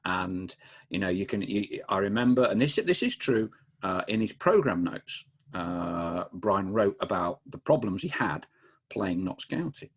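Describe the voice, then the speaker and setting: Male podcast host, husky voice, lowish pitch, eager questions, casual interview. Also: animated, measured pace. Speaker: podcast host, club supporter.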